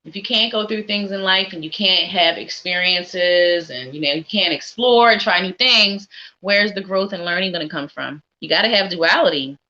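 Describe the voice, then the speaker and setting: A woman's voice: on the low side, normal speed, pushed and bright, muffled recording. A woman hosting a live psychic reading stream, talking in an upbeat, encouraging, chatty way. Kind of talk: casual live-stream chat.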